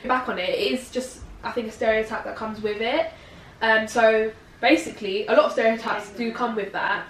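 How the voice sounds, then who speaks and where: A nineteen-year-old woman tells her story in a relaxed, chatty way to her vlog audience. Her voice sits a little high. The mic picks her up from a distance in an echoey room with light background hiss. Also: moderate pace. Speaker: co-host. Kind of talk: casual chat to camera. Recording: roomy, distant mic, faint noise.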